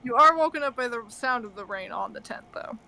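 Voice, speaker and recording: Woman game master with a fairly high voice; narrates a tabletop game with quick, giggly energy. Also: lively intonation, creaky, bright, forceful tone.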